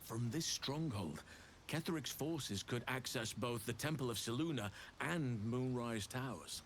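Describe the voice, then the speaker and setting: An actor voicing an earnest man who offers to join the group in a fantasy video game, speaking in a measured, formal way. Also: mid-range voice, expressive, slight background noise.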